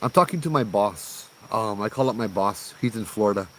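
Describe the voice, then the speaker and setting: A man's voice: fairly low pitch, fairly quick, slight background noise, low-quality recording. Man spinning a ghost story outdoors. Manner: animated, laughs while telling, uses slang like bro. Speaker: ghost tour guide telling a story. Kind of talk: casual storytelling on location. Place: outdoors on a forest trail at night.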